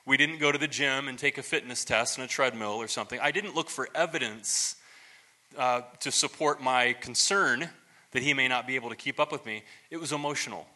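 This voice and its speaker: A pastor with a very bright, sharp-edged voice preaches in an easy, chatty way. He talks in loose stories full of restarts and little asides and pokes fun at himself as he goes. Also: mid-range voice, fairly quick. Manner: relaxed storytelling, many restarts and asides; self-deprecating humor. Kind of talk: conversational sermon.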